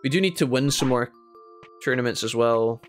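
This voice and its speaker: A man's voice: mid-range voice, normal speed, faint music behind. Chatty Scottish man gaming and storytelling. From Scotland. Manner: chatty, addresses viewers as guys, animated when telling stories. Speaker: gaming streamer. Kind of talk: casual gameplay chat with storytelling.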